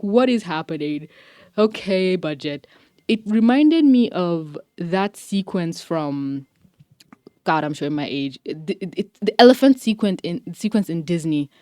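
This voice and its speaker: A young woman giving a casual, animated commentary review, laughing often and dropping slangy, swearing asides. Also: on the low side, no echo, studio quality. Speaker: show reviewer.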